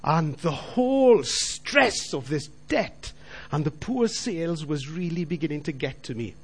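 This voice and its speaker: Middle-aged guy sharing his faith story, kinda higher voice, earnest and direct. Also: expressive, a little slow, slightly rough. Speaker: Christian businessman giving testimony. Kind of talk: personal faith testimony.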